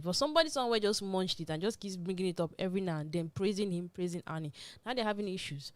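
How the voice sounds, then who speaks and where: A woman's voice: medium pitch, quick pace, hardly any pauses, no echo. A woman hosting a radio talk show, giving her opinions in a conversational, emphatic way. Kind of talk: casual panel discussion. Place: radio studio.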